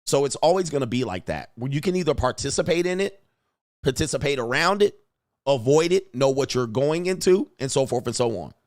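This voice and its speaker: A man's voice: medium pitch, animated, a little fast, no echo, clean studio sound. A man hosting a livestream as a coach, talking in a blunt, emphatic, profane way and reading out chat.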